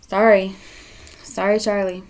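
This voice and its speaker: A woman reads tarot cards for her viewers. She talks bluntly and scolds a lot, swearing freely, in a voice of middling pitch. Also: level tone, unhurried, a little hiss or hum. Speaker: tarot reader. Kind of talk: pick-a-card tarot reading.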